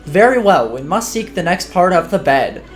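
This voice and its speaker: A man's voice: sits high, very animated, normal speed, soft background music, pitched above the performer's own voice. A man voicing a formal, stately male prince from a video game, reading out his lines in a raised voice. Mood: dignified. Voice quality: formal, stiff phrasing.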